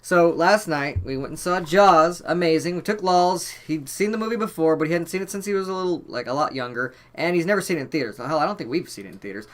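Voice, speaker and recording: A man co-hosting a live horror movie stream, relaxed and joking, laughing often. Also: fairly high pitch, quick pace, few pauses. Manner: laid-back, laughing, joking. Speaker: horror YouTube co-host. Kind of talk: casual live-stream chat.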